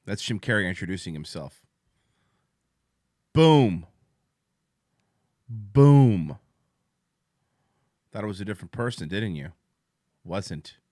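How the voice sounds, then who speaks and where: A man's voice: fairly low pitch, lively intonation, slow, pauses often, warm tone, no echo, studio quality. A man hosting a comedy podcast, riffing sarcastically and swearing freely. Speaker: podcast host. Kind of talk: comedic commentary.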